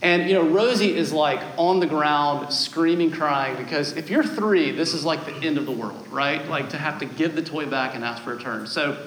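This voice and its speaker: A man in his thirties preaching a sermon as a guest pastor, telling stories with animated, self-deprecating humor. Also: a little high, moderate pace, few pauses, echoey room, a little hiss or hum, poor audio.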